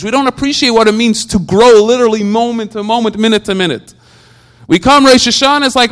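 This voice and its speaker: A man's voice: high voice, a little fast. A man giving an informal religious talk, full of rhetorical questions, often stuck repeating a word before going on. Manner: repetitive stammering restarts, animated rhetorical questions.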